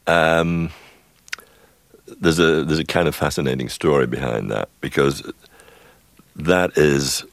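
Very deep, gravelly older man telling stories. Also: takes it slowly, pauses often, no echo. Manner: rambling, self-interrupting, chuckling. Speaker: film composer guest. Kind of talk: radio interview, anecdotal storytelling.

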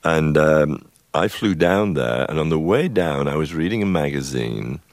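A man's voice: extremely low pitch, lively intonation, measured pace, dry recording, clean studio sound. An older man, a film composer being interviewed on radio, recalls the past in a rambling, chuckling way, often stopping to restart his sentences. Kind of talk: radio interview, anecdotal storytelling.

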